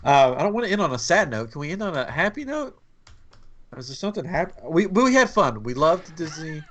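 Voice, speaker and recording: A man's voice: a little high, big pitch swings, brisk, fairly bright tone. A man in his thirties co-hosting a podcast, telling a family vacation story in a rambling, chatty way. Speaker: podcast co-host. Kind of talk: casual trip-story chat.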